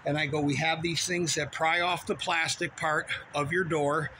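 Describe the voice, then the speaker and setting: A man's voice: on the high side, steady tone, moderate pace, sharp tone, slight background noise, rough recording. A man who works as a store cashier tells a rambling, profane story in a heated, casual way.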